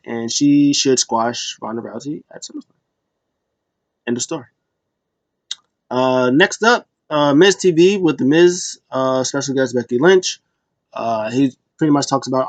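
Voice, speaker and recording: A man's voice: medium pitch, moderate pace, no room sound, muffled recording. Rambling man recapping casually, dry sound. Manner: rambling, lots of fillers and acted-out quotes. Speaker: wrestling show recap host.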